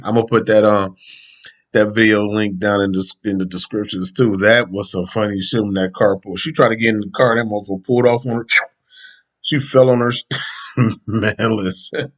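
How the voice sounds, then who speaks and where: A man's voice: fairly low pitch, normal speed, pauses often. A man hosting a podcast, talking in a loose, rambling, slangy way and laughing often. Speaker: podcast host. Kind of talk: casual opinion talk.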